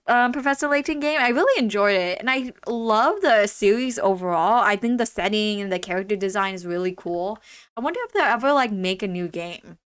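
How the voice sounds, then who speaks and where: A woman's voice: a little high, clear, resonant tone. A young adult woman giving chatty, bubbly commentary while streaming a game, full of "like" fillers. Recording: streamed voice over loud game music.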